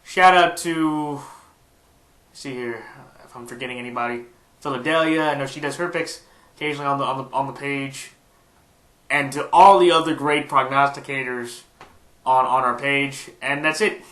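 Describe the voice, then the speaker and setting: A man's voice: medium pitch, fairly even intonation, moderate pace, fairly bright tone, reverberant. A man with a stuffed-up nose giving his weekly football picks in a casual, rambling monologue full of fillers and restarts. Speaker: sports picks YouTuber. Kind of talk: casual sports prediction monologue.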